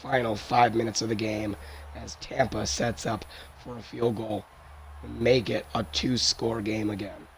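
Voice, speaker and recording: A young man calls a football game play by play, his voice hoarse and worn out. It is gravelly and cracks upward when a big play comes. A faint hiss sits under the recording. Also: measured pace. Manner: excitable, voice cracks high on big plays. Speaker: play-by-play commentator of a simulated football league. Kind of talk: solo sports commentary over a video game.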